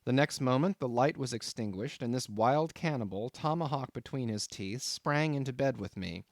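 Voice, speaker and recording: A man narrating an audiobook of a classic novel in an expressive reading style. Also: medium pitch, moderate pace, no room sound, clean studio sound. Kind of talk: scripted narration.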